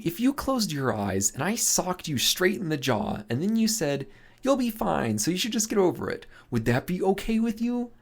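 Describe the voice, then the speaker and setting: A man's voice: mid-range voice, voice pushed up. A man voicing Loxa, a prickly young man who answers with sarcastic, indignant outbursts. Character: sharp-tongued young male Loxa, prickly and defensive.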